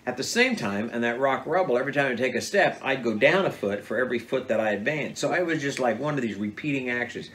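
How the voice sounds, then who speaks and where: Animated man telling a hunting tale. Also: medium pitch, fast, few pauses, slight background noise. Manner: animated, acts out quoted dialogue. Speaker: father telling hunting stories. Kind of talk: casual storytelling interview.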